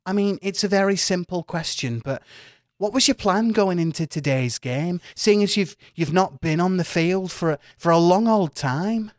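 A woman's voice: on the low side, expressive, normal speed, few pauses, no room sound, clean studio sound, pitched above the performer's own voice, close to an everyday voice. A man voicing an eager female reporter with a Northern English accent, gushing and polite.

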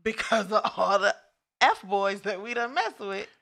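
A woman's voice: mid-range voice, animated, measured pace, creaky, a bit bright. A woman co-hosting a casual chat, talking frankly and reflectively about relationships. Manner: frank, reflective, laughs often. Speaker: podcast co-host.

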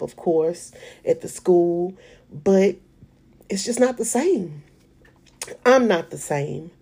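A woman speaks slowly and earnestly as she gives a personal faith testimony, repeating herself and pausing often. Her voice is fairly low and warm, and she talks unhurriedly. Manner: earnest, emotional, with repetitions and pauses. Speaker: mother of an autistic son.

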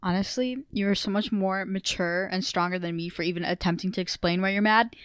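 A woman's voice: medium pitch, steady tone, brisk, clear, resonant tone, no echo. A woman podcast co-host chatting casually, blunt and joking, swearing freely. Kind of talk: casual chat.

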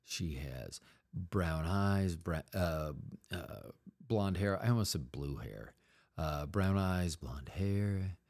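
A man's voice: sits low, lively intonation, slow pace, darkish tone, dry recording, clean studio sound. A man hosting a solo podcast from home, rambling jokily and interrupting himself mid-sentence. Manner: rambling, self-interrupting, jokey. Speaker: podcast host. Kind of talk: casual comedic monologue. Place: home room.

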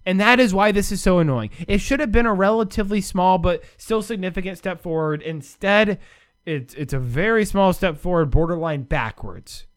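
A man from the United States hosts a solo sports commentary show, ranting sarcastically with big swings in his voice. He has a high voice and speaks at a moderate pace.

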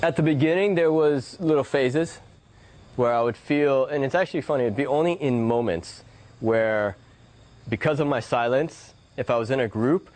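Man with a lively, animated voice. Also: medium pitch. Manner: animated, laughing storyteller. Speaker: guest. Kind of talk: reflective conversation with storytelling.

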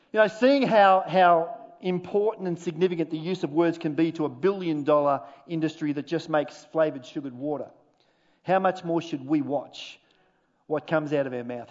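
Animated male pastor preaching, high-pitched voice. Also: muffled recording. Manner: animated, humorous preaching with dramatic pauses. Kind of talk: sermon. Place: church auditorium.

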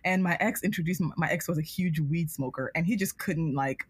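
A young woman co-hosting a casual chat, expressive, laughing often and acting out quotes. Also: low voice, fairly quick, slightly rough, no echo. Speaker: podcast co-host.

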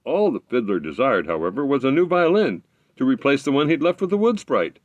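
A man reading a fairy tale aloud, expressive, with occasional slips he corrects as he goes. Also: medium pitch, a little fast, dry recording, highs cut off. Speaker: storyteller.

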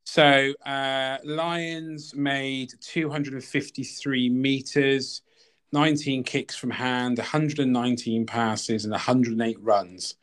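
A man hosting a casual sports chat, steady when he reads out lists of numbers. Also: medium pitch, slow pace. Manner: reads off statistics in a steady list. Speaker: podcast host.

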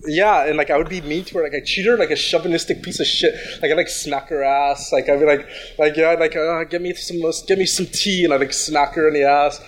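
A man's voice: fairly high pitch, steady tone, fast, few pauses. A man telling a story in casual chat, rambling with lots of fillers and restarts, crude and blunt.

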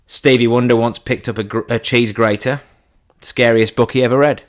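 A man giving a comedic monologue in an irreverent, deadpan way, his pitch jumping up for punchlines. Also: normal speed.

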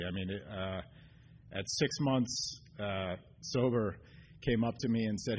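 A man telling his recovery story at a meeting, earnest and halting, full of ums and restarts. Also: fairly low pitch, darkish tone, a little hiss or hum. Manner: earnest, getting choked up. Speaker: AA meeting speaker. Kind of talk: personal recovery share. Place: meeting room.

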